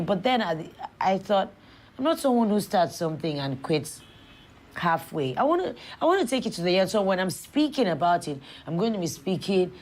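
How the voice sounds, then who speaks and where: A woman's voice: medium pitch, big pitch swings, normal speed, a little mellow. A middle-aged woman, an actress turned politician, speaking candidly and reflectively in an interview. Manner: candid, reflective, laughs often. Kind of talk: personal documentary interview.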